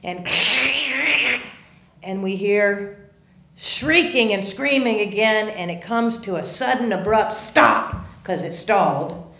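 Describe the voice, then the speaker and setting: A woman telling a personal story at a live story slam, animated and swinging from hushed tones to loud outbursts. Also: medium pitch, slow pace, echoey room, a little hiss or hum. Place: theater stage.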